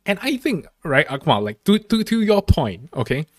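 Give me a man chatting on a comedy podcast whose voice leaps up and down as he tells a story. He laughs through his lines and gets loud when he acts out his own outbursts. The sound is close and dry. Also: fairly high pitch, very animated, moderate pace, dry recording. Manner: laughs often while talking. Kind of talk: casual podcast chat.

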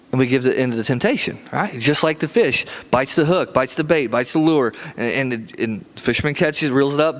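A pastor with a mid-range male voice preaches a sermon in a casual, conversational style, repeating phrases for emphasis. He often asks "right?" to check in with his listeners. The recording is rough.

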